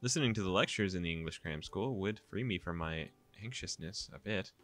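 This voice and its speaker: Young man reading a game aloud, low and bright. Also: a little fast. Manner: casual, exasperated asides. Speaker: gaming YouTuber. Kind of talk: reading a visual novel aloud with commentary.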